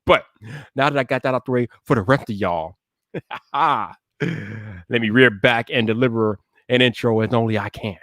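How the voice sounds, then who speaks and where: A man hosting a tech live stream in casual chat, hyping it up playfully and shouting greetings to his chat. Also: mid-range voice, moderate pace, no room sound, clean studio sound.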